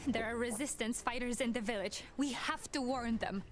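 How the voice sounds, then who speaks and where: A woman's voice: on the high side, moderate pace, close to an everyday voice. A woman voicing a bold young village sharpshooter. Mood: urgent. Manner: determined, urgent. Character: brave young village girl sharpshooter with a bear. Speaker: game heroine. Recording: game audio with music behind.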